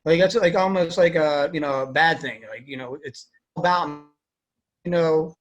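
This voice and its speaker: Young male vet, interviewee, rambling casual answers, higher-than-usual pitch. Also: moderate pace, soft background music. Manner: rambling, many fillers like "you know". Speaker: army veteran interviewee.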